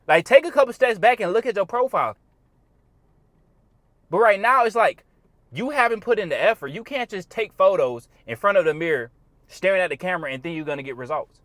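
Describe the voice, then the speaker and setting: A man's voice: high voice, lively intonation, fairly quick, fairly bright tone, no echo. A man in his twenties giving blunt, slangy, profane dating advice while critiquing a profile.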